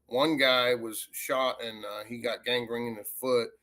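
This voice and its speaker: A man with a drawl recounts a haunting in loose, rambling storytelling. His voice is bright and forward, and he acts out the quoted lines as he goes. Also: medium pitch, measured pace. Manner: rambling, animated retelling with acted quotes. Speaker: paranormal investigator. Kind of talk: casual storytelling.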